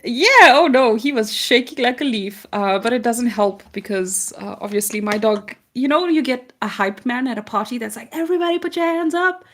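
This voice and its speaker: A woman co-hosting a relaxed art livestream, chatting in a jokey, self-deprecating way while she paints. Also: fairly high pitch, moderate pace, few pauses. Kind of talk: casual chat while painting.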